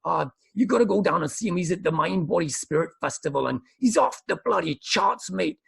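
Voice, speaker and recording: Man putting on a gushing, excitable Irish lad. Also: high voice, fairly quick, gravelly, husky, pitched above the performer's own voice, exaggerated voice. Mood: excited, gushing. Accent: Irish, attempted. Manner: breathless, over-the-top enthusiasm. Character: excitable young male assistant, gushing.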